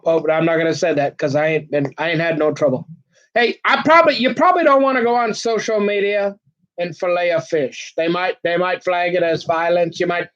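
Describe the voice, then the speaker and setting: A man from Minnesota in a rambling, folksy comic rant, who keeps dropping into a mock-deep voice. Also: dull audio. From Minnesota, USA. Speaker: vlogger.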